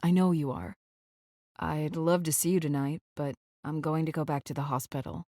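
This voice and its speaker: A woman voicing a tender, guarded young male rock star in an audiobook, with a low, hushed delivery. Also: steady tone, normal speed, dry recording, studio quality. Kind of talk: audiobook character voice.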